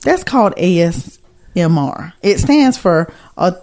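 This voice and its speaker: Teasing woman with a lively voice. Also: lowish voice, measured pace. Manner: dry, teasing, dismissive quips. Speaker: podcast co-host. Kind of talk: casual chat.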